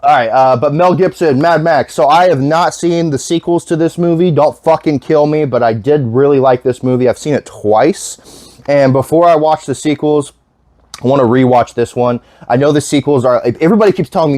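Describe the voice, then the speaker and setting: A man's voice: fairly high pitch, normal speed, darkish tone, no echo, studio quality. A man vlogging in casual chat, rambling with lots of restarts and frequent swearing.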